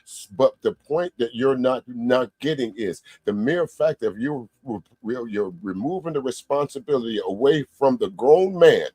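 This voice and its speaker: Forceful, lecturing man hosting a debate. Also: mid-range voice, expressive, moderate pace, few pauses, husky, dry recording. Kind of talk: heated panel debate.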